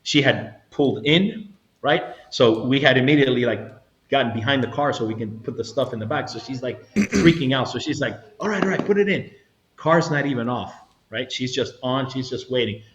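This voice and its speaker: A man's voice: mid-range voice, normal speed, slight background noise. An older man, a retired federal agent, telling stories as an interview guest, acting out the voices of the people in them. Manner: animated storyteller acting out quoted voices. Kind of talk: storytelling interview. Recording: echoey room, slightly dull sound.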